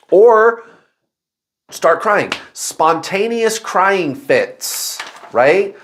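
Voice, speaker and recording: Man, spiritual vlog host, slightly high voice, slow unhurried delivery, animated and exclamatory, confessional. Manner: animated, exclamatory storytelling with sudden high outbursts. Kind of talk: casual confessional monologue to viewers.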